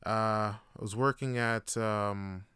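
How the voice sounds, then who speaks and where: A man's voice: fairly low pitch, steady tone, slow, bright, forceful tone, clean tone, no echo, studio quality. A young man, hosting a podcast and telling profane, rambling stories with laughter. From Canada. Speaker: podcast host. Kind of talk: casual monologue.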